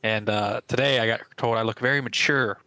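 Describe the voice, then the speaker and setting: A young man tells a long, rambling story on a casual podcast, leaning heavily on fillers like "like" and "I was like." His voice is bright and forceful, with a dry, close sound. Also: on the low side, fairly even intonation, a little fast, dry recording, low-quality recording. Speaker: podcast co-host. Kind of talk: casual chat.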